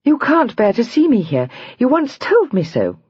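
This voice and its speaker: An overwrought young lady, reproachful and dramatic, her voice climbing high and swooping all over, as a woman reads her. The delivery throbs with feeling. The sound is dry and a little dull. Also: huge pitch swings, normal speed, breathy edge, dry recording, full character voice. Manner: throbbing, impulsive, emotional delivery. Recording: dry, slightly dull recording.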